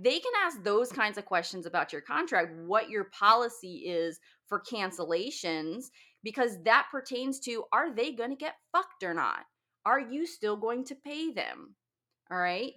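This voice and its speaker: A woman's voice: medium pitch, pushed and bright. A woman who owns a wedding business, giving blunt, profane advice in a casual talk.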